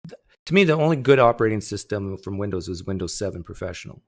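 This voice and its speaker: A man's voice: fairly low pitch, lively intonation, quick pace. A man hosting a casual livestream, joking sarcastically while he fights his microphone settings at a home streaming setup. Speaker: host. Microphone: desktop streaming mic.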